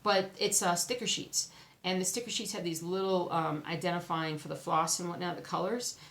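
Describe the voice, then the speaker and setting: Excitable, chatty woman vlogger. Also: on the low side, normal speed. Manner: excitable, chatty, exclaims often. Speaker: cross-stitch vlogger. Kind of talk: casual chat to camera. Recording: echoey room, faint background noise.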